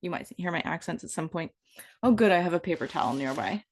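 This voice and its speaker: Speaking quickly and with animation, this woman in her fifties has a fairly low voice with a breathy edge. She's a vlogger wandering through an off-the-cuff, self-mocking monologue, hopping playfully from idea to idea.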